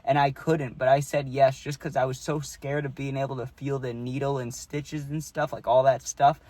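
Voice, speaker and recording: A man's voice: mid-range voice, level tone, normal speed, darkish tone, dry recording. A young man telling a childhood story casually, rambling and tagging lines with "right?" and "dude".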